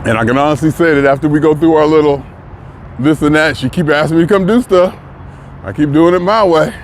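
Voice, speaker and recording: A man's voice: a little high, brisk, slight background noise. A man in his early sixties talking frankly in a casual vlog monologue while out walking, often chuckling as he talks. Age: 60s. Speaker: vlogger. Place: outdoors, walking.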